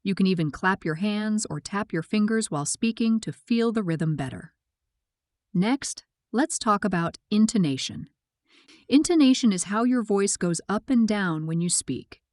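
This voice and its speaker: A woman narrating a scripted English pronunciation lesson, speaking slowly with clear, careful articulation. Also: mid-range voice, a little mellow, no room sound, clean studio sound. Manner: slow, clear, carefully articulated teaching delivery.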